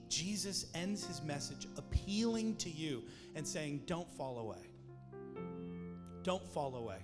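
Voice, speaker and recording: A man preaching a sermon in a conversational way, with jokes and emphatic points. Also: a little high. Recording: long hall reverb with music behind.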